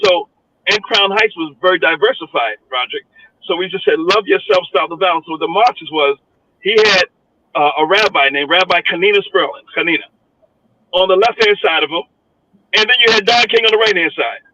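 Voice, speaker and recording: Radio guest, New man, high voice, animated storyteller who plays every part, lo-fi broadcast sound. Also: fairly quick, noisy background. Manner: storytelling, acts out quoted voices, laughs often. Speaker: guest, foundation director. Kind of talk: radio talk show interview.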